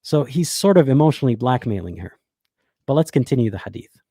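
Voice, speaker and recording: A YouTube commentator delivers blunt, sarcastic reaction commentary, swearing freely and restarting phrases as he thinks aloud. His medium-pitched voice is animated, fast, dark in tone, and a bit breathy. The recording is clean studio sound with no echo.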